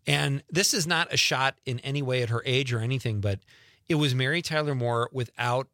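A man's voice: medium pitch, moderate pace, bright, forceful tone, no echo. A man hosting an evening radio show, chatting in a rambling way with self-deprecating asides, in a studio. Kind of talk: casual radio chat. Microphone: studio microphone.

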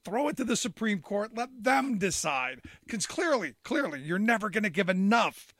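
A man's voice: high-pitched, sing-song, moderate pace, a bit bright, no room sound, studio quality. A man hosting a radio talk show, narrating a history segment and then chatting about current events.

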